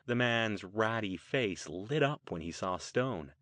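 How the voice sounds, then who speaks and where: A man narrating an audiobook in a steady, measured way. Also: on the low side, no echo. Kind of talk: scripted narration.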